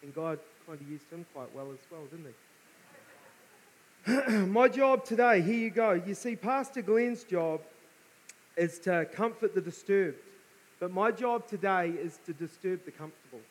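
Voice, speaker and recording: High-voiced New Zealand preacher, chatty. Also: male voice, animated, a little slow, low-quality recording. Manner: casual and chatty, playful banter with the congregation. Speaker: guest preacher. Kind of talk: sermon. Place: church service, live before a congregation.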